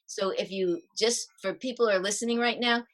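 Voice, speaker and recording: A middle-aged woman, a parenting coach, explaining calming techniques as a podcast guest in a lively way and acting out the steps. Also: mid-range voice, brisk. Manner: lively, demonstrating exercises as she explains.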